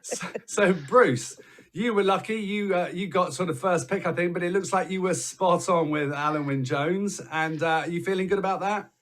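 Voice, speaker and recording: A man's voice: high voice, moderate pace, a bit bright. A man hosting a casual rugby panel podcast, teasing his guests in a jokey way. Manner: jokey, teasing, restarts phrases. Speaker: podcast host.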